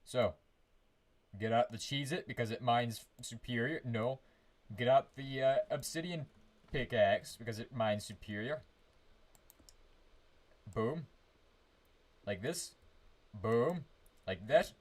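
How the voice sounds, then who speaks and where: A man chatting his way through a live game stream from his room. He rambles, hums little tunes under his breath, and trips over his words as he goes, at an ordinary middle pitch. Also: slow, pauses often. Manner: rambling, hums to himself, frequent restarts. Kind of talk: casual live gameplay commentary.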